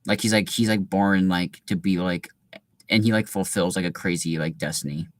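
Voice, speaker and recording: A man's voice: sits low, fairly even intonation, normal speed, no echo. A young man reading a children's novel aloud and breaking off into laid-back, filler-heavy commentary. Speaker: reader.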